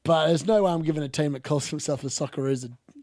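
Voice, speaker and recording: Man, watch-along host, casual live football chat, blunt and opinionated, fairly high voice, dry close sound. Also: fast talker, a little mellow, no echo. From Australia. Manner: chatty, blunt and opinionated, mild swearing. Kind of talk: casual live match commentary.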